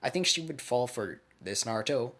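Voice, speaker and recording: A man casually spinning a fan speculation story, rambling and animated. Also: mid-range voice, normal speed.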